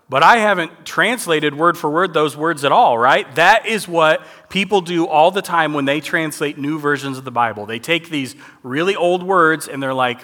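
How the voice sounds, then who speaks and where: A man preaching a conversational sermon, teaching with lively asides and frequent checks with his listeners. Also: fairly high pitch, moderate pace. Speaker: pastor. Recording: long hall reverb.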